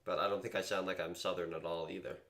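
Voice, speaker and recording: Young man, very deep voice, rambling, self-deprecating, casual live-stream chat. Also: little pitch movement, quick pace, a bit bright. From Massachusetts, USA.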